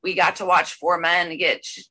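Bright-voiced woman, rambling and excited. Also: lowish voice, normal speed, husky. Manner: rambling, filler-heavy, with bursts of excited speed. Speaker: speaker sharing a recovery story. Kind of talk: personal testimony at an online recovery meeting.

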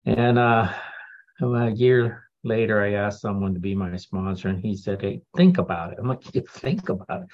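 Man, husky voice, candid testimony talk with dry humor. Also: low-pitched, dull audio. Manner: candid, wry storytelling with laughs. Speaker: speaker sharing a recovery story.

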